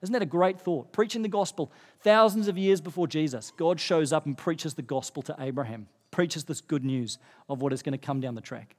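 High-voiced pastor preaching in a reverberant hall. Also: male voice, fairly quick. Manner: animated, rising when stressing a point. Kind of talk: sermon. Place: church hall. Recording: long reverb of a church hall.

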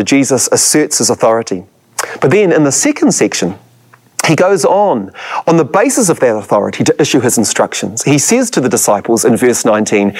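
A man, a church history lecturer, preaching a sermon with dramatic emphasis and rhetorical questions put to his listeners. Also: a little high.

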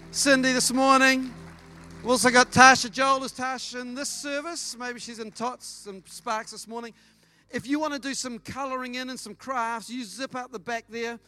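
A middle-aged man preaching a sermon as pastor, lively and storytelling, acting out dialogue. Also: very high-pitched. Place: church service.

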